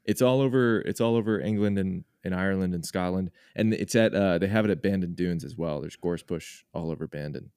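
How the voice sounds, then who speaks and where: A man's voice: low-pitched, a little fast, hardly any pauses, a little mellow, clean tone, dry recording, clean studio sound. A man co-hosting a podcast in a casual chat, asking his guest easygoing questions. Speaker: podcast co-host.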